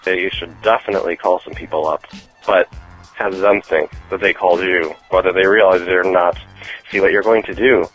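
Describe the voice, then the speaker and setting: A man's voice: sits low, fairly even intonation, fairly quick, soft background music. A man leaving a message for a show, eagerly explaining an idea step by step. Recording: dull lo-fi message recording.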